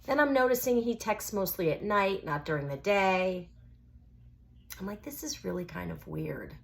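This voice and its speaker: A woman's voice: mid-range voice, normal speed, vocal fry. Wry woman telling a dating story. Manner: wry, sarcastic, quotes people in lively asides. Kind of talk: casual storytelling.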